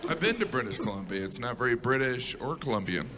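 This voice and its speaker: A man's voice: mid-range voice, expressive, fast, heavy background noise. A man performing stand-up comedy in a wry, observational way, recorded live on stage with audience laughter.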